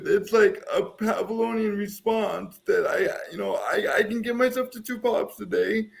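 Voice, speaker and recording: A man in his thirties from the American Midwest talks with a notably high, gravelly voice. He chats loosely on a podcast, wandering through his stories and joking at his own expense. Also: unhurried, few pauses. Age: 30s. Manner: chatty, rambling, self-mocking. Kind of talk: casual podcast chat.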